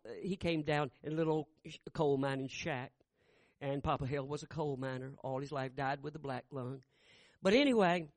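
A man in his sixties preaching a sermon, telling a family story in a folksy, halting way that builds into fervent preaching. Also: mid-range voice, no room sound.

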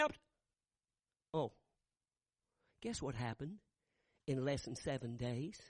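An older man preaching a folksy sermon, acting out dialogue and rising to shouts. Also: mid-range voice, lively intonation, slow pace, long pauses, husky, no room sound. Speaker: Baptist preacher. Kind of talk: sermon storytelling with acted dialogue.

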